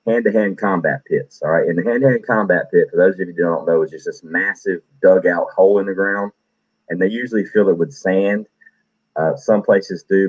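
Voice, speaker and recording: A man hosting a stream, casually telling animated stories and acting out the people he quotes. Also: deep voice, husky, dull audio. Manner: animated, acts out quoted voices. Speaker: stream host. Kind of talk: casual storytelling.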